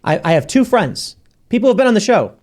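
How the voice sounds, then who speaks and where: Blunt, animated male podcast host. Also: high voice, fairly quick. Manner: blunt, swearing, animated retellings with quoted voices. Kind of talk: casual talk-show conversation.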